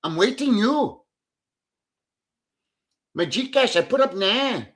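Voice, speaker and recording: A man's voice: very high-pitched, lively intonation, slow, a bit bright, voice pushed up, heavily acted. A man putting on the voice of a demanding Filipina woman who chases money in broken English. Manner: pushy, insistent, broken English.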